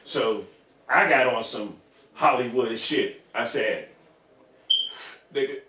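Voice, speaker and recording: A man's voice: mid-range voice, slow, slight background noise. Storytelling man in a roomy echo. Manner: animated, acts out quoted voices. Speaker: podcast host. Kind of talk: casual storytelling. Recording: roomy echo, far from mic.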